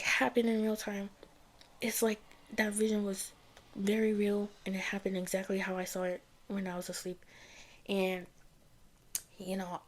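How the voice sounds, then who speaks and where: Young woman, casual personal story, chatty, filler-heavy, near-whispered stretches, mid-pitched. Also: darkish tone. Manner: chatty, heavy use of "like" and "y'all", often drops to a near-whisper. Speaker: vlogger sharing a faith testimony.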